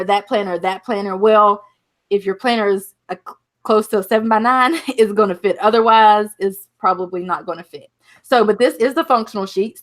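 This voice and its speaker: Woman guest shop owner, relaxed product walkthrough, casual fillers. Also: medium pitch.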